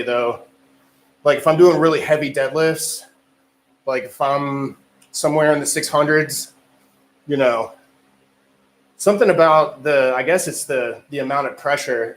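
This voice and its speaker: A man chatting loosely on a livestream as a strength athlete, rambling and swearing, with lots of filler words. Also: medium pitch. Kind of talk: casual livestream chat. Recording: echoey room with faint noise.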